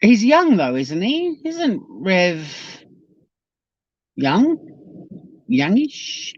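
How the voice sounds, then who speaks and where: This Australian host, streaming from her car, speaks extremely slowly in a mid-range voice whose pitch swoops wildly. She reads chat and reacts bluntly with lots of swearing, and the dry, dull lo-fi audio has no room sound.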